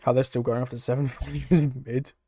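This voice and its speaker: A man's voice: mid-range voice, flat delivery, fairly quick, mellow, slightly rough, no room sound, clean studio sound. A young British man chatting casually on a live stream, laughing often and swearing freely as he reacts to chat. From United Kingdom. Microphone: desk microphone.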